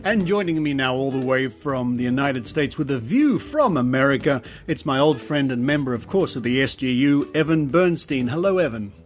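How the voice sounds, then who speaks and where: A man's voice: mid-range voice, animated, normal speed, few pauses, over music. Australian man, podcast host, chatty, rambling, casual.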